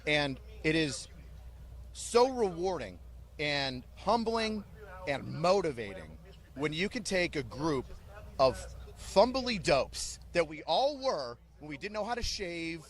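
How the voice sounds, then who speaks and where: Man, drill sergeant, fairly high voice, animated storytelling, barked orders. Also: takes it slowly. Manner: animated, barks quoted orders. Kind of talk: storytelling in an interview.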